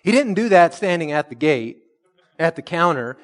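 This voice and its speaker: A man preaching a sermon, telling a story and slowing down to stress key words. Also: a little high. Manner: storytelling preacher, slows for emphasis and rises when excited. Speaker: pastor.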